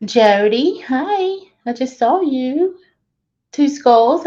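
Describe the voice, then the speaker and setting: A woman's voice: sits high, expressive, drawn-out words, pauses often, a little mellow. A woman hosting a casual live stream, greeting viewers one by one and laughing often. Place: laundry room. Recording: dull lo-fi stream audio.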